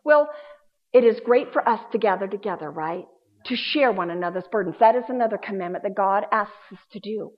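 A woman preaching a sermon, swinging between loud emphasis and hushed, quiet passages. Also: mid-range voice, brisk. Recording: dull lo-fi sound.

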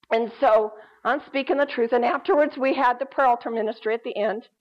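A woman pastor with a slightly hoarse voice, preaching in a chatty storytelling way with many fillers. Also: high-pitched, expressive, brisk. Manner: conversational, emphatic, with many fillers. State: hoarse, recovering voice. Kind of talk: sermon with storytelling. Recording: dull lo-fi recording.

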